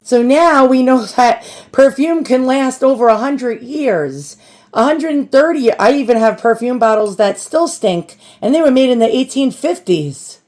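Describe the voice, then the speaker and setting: Chatty New York woman, slightly high voice. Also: animated, unhurried, a little mellow. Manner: chatty and self-deprecating, addresses viewers as boys and girls. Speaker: antiques collector and channel host. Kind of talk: casual show-and-tell vlog.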